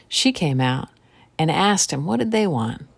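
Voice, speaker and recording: A woman storyteller and podcast host telling an old folk tale in a relaxed, folksy way. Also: deep voice, measured pace, vocal fry, slightly rough, no echo, clean studio sound.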